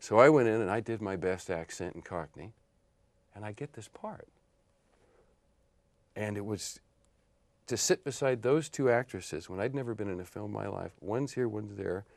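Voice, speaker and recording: Deep, gravelly-voiced man in his fifties. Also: moderate pace, pauses often, dry recording. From Portland area, United States. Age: 50s. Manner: animated storyteller, laughs often. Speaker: actor and model guest. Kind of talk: casual interview chat.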